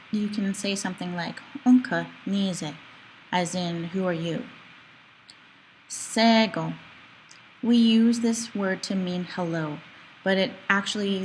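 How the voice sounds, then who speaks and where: A woman's voice: mid-range voice, slight background noise, rough recording. A woman giving a recorded language lesson, explaining patiently and demonstrating sounds for learners to repeat. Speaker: language teacher. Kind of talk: recorded video lecture.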